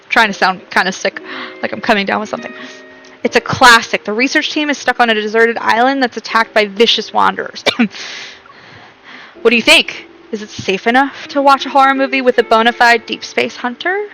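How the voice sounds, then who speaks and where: A woman's voice: fairly high pitch, bright, forceful tone, low-quality recording. A young woman streaming a romance game, reading narration and her own lines aloud and chatting between them.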